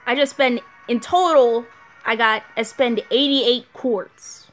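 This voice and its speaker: Gaming host: a fairly high-voiced woman, unhurried and rambling over gameplay, soft music behind. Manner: rambling, restarts sentences often. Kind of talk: casual gameplay commentary.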